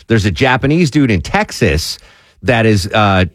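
A man's voice: lowish voice, measured pace, no room sound, clean studio sound. A man hosting a radio show, chatting casually and joking, putting on voices now and then. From New York. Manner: animated, jokey, mimics voices.

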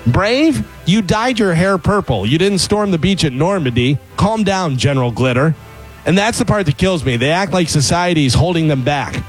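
Male comic, higher voice, sarcastic scripted rant over soft music. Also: expressive, normal speed, poor audio. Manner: sarcastic, exasperated delivery. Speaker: comedy segment presenter.

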